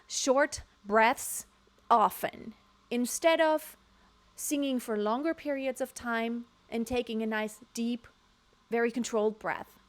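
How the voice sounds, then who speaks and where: Woman, vocal coach, slightly high voice, emphatic, casual video talk. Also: a little slow. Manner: frank, emphatic, sings short demonstrations. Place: home room near construction noise.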